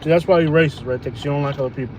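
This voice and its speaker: Guy rambling on a phone livestream from his car, kinda high voice, lots of road noise. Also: racing, darkish tone. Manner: rambling, joking, loose. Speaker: food delivery driver streaming live. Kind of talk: casual livestream chat while driving. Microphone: phone on live stream. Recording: noisy car cabin.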